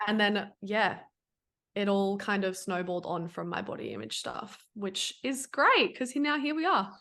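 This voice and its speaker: A woman's voice: medium pitch, sing-song, moderate pace, fairly bright tone. A woman who works as an online fitness coach, talking candidly and bluntly as a podcast guest, swearing freely and using lots of fillers. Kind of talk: casual interview chat.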